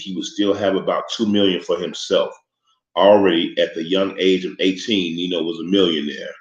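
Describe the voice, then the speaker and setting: A man reading a novel aloud in steady, measured scripted narration. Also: low voice. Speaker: audiobook narrator. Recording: echoey, slightly muffled room recording.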